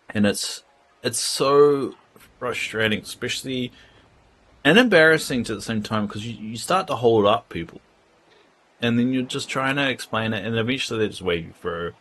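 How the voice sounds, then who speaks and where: A man's voice: fairly low pitch, normal speed, fairly bright tone. A man chatting casually and frankly while streaming a game, rambling from thought to thought. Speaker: livestreamer. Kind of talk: casual gameplay chat.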